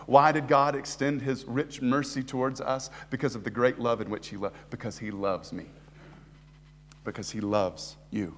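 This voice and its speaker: An American man preaching a sermon as a visiting preacher, swinging between hushed, slow emphasis and loud, rising exhortation. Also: mid-range voice, fairly even intonation, big-room sound. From United States. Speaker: guest preacher. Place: church sanctuary.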